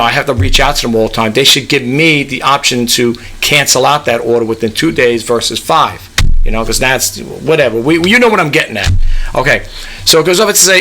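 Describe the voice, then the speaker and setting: A man's voice: mid-range voice, bright, forceful tone, a little hiss or hum. A man in a casual screen-share vlog about online reselling, rambling and checking in with "okay?" and "you know" as he reads web pages aloud. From New York, US East Coast. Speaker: eBay reseller vlogger.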